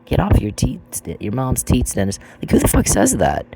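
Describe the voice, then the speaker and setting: With huge pitch swings and a creaky, medium-pitched voice, a man rants profanely at someone at a moderate pace, accusing them again and again. The audio is noisy and has clicks.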